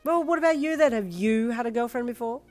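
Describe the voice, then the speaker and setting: A woman's voice: mid-range voice, animated, moderate pace, soft background music, pitched above the performer's own voice, lightly acted. A woman voicing a shy young woman who stammers and gets easily flustered in a storybook reading.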